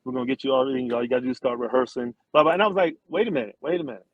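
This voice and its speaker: A middle-aged man spins a long tale, slipping into the voices of the people he quotes and restarting his sentences as he goes. His pitch is mid and his sound is dry and close. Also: racing, no echo, highs cut off. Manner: animated storyteller, acts out quotes, frequent restarts. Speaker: interview guest, former football player and singer. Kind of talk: casual storytelling interview.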